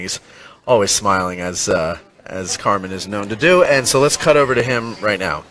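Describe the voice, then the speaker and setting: A man's voice: fairly low pitch, brisk, bright, forceful tone. A man hosting a live local political event, upbeat and joking as he hands over to the speaker. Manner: jokey, upbeat announcer. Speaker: event host.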